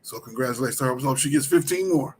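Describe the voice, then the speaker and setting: A man co-hosting a casual sports talk livestream, animated and teasing. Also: mid-range voice, fast, slight background noise. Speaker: co-host. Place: livestream call.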